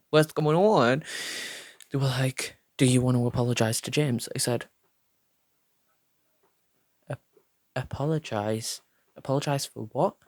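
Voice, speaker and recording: A man's voice: mid-range voice, dry recording. A young man telling a dramatic storytime vlog, swearing a lot and acting out what others said. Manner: animated, profane, acts out quotes in voices. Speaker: vlogger.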